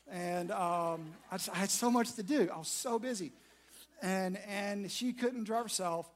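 High-voiced preacher telling a story. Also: male voice, normal speed. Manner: storytelling, self-mocking, conversational. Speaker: pastor. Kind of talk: sermon. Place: large room with audience.

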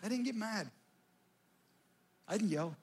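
A man voicing a gentle, patient, forgiving Jesus in a soft, hushed, tender way. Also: sits high, animated, a little slow, husky, heavily acted.

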